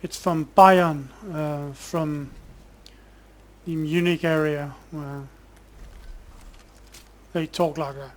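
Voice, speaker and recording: A man commentating his own gameplay in a relaxed, casual way, bantering sarcastically with game characters and swearing when annoyed. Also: fairly high pitch, extremely slow, pauses often. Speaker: gamer streamer.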